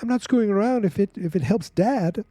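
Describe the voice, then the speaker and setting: A man's voice: high voice, fairly quick, warm tone, dry recording, clean studio sound, pitched above the performer's own voice. A man doing an eager little boy. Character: eager excitable young boy.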